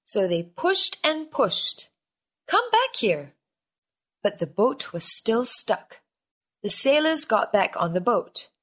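A woman reading a children's storybook aloud, clearly and with a lively, expressive delivery. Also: mid-range voice. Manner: lively, slow, clear reading with voiced shouts for characters. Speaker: storybook reader.

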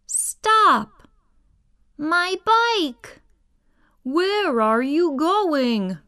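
A woman voicing a big boy in a storybook, shouting and upset because his bike is taken. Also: very high voice, sing-song, drawn-out words, pitched above the performer's own voice, heavily acted.

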